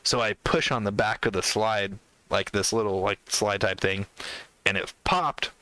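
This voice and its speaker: Male podcast host, rambling storyteller, bright clear voice, low-ish. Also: a little slow, no room sound. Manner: rambling, full of fillers and acted-out quotes. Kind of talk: casual storytelling chat.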